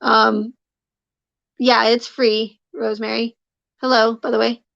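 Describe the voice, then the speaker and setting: A woman's voice: fairly high pitch, flat delivery, slow, vocal fry, fairly bright tone, dry recording, dull audio. A woman live streaming, chatting casually with her viewers, rambling with lots of fillers and restarts and greeting people in the chat by name.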